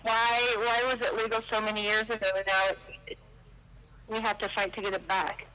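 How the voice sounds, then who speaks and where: A woman's voice: mid-range voice, flat delivery, normal speed, pushed and bright, poor audio. A woman chatting outdoors, asking questions in a casual way. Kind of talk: casual chat.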